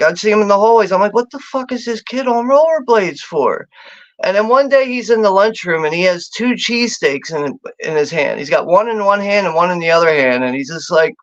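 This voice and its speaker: A man's voice: high voice, a bit bright. A man co-hosting a casual stream, telling stories loosely with lots of "like" and the odd swear. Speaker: co-host of a watch-along stream. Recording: dull lo-fi stream audio.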